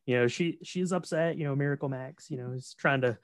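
A man talks through a movie's story in a relaxed, rambling way, leaning on fillers. His voice sits at a middling pitch, and the recording is dry and close. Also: brisk, no echo. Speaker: podcast co-host. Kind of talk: casual movie recap chat.

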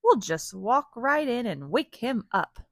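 A woman voicing a male farmyard rooster while reading a picture book aloud, slow and earnest. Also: fairly high pitch, big pitch swings, no echo, clean studio sound, heavily acted. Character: male farm rooster, worried then eager.

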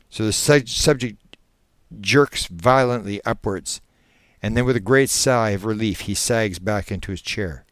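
A man giving a spoken lecture, retelling a case in a halting storytelling manner. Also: lowish voice, dry recording. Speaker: speaker recounting a case.

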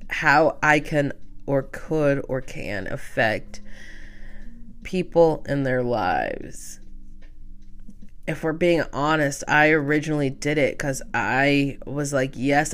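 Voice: medium pitch, fairly bright tone. A podcast host and tarot reader giving an emotional, casual sign-off, tearful, chatty and freely profane.

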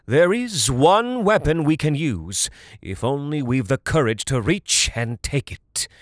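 A man's voice: fairly high pitch, expressive, measured pace, dry recording, studio quality, voice pushed up. A man voicing a sly, sneering bard schemer. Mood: rousing. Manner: forceful, persuasive, sneering. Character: scheming, lying male bard leader.

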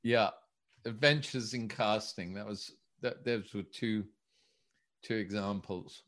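Low-voiced and slow, a director being interviewed looks back on casting. He spins the stories animatedly and acts out the conversations along the way.

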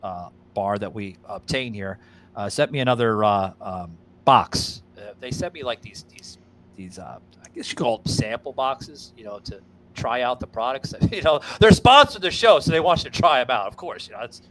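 A man's voice: mid-range voice, expressive, normal speed, a bit bright. A man hosting a casual podcast, rambling and repeating himself, stammering through a sponsor read and swearing freely. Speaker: podcast host.

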